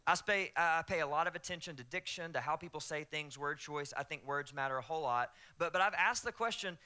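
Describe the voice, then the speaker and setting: High bright Southern pastor preaching. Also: male voice, fairly quick, clear, resonant tone. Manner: conversational, joking with the congregation. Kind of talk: sermon. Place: church sanctuary.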